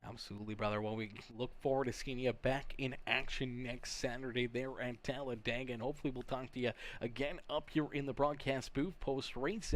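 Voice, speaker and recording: Canadian guy hosting a live race stream, upbeat, folksy, chats with the viewers. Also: medium pitch. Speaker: race broadcast host. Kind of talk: live sim racing broadcast commentary.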